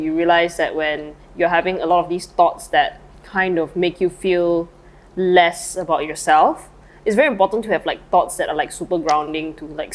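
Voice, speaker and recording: Brief: woman podcast co-host, lowish voice, loose rambling chat, talking with her mouth full, slightly buzzed. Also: poor audio. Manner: rambling, lots of "like", casual swearing. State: eating while talking, slightly tipsy. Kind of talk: casual chat.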